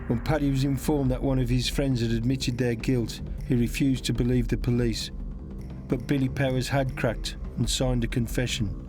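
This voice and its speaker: A man giving scripted documentary narration in a measured, even manner. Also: mid-range voice. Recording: narration over clear background music.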